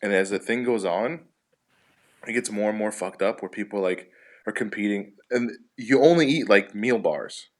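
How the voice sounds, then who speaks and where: A man's voice: lowish voice, normal speed. A man in a casual comedy chat, telling long rambling stories packed with profanity. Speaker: podcast participant.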